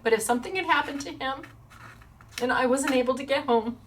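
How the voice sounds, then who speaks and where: A woman's voice: high voice, slight background noise. A woman hosting a crafting show, chatting casually to viewers in an earnest, emotional way. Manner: earnest and emotional, quick to tear up.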